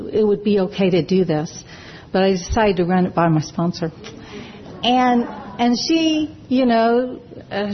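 A woman speaking at a recovery meeting, sharing her own story earnestly and haltingly, often restarting her sentences. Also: mid-range voice. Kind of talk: personal sharing talk. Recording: dull lo-fi recording.

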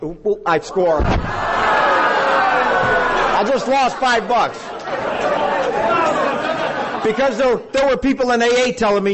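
A man's voice: very high-pitched, measured pace, pauses often, over a noisy crowd, heavy background noise. A man in his fifties sharing his story at a recovery meeting, a rambling storyteller who jokes with the audience. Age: 50s. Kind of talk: personal testimony to an audience.

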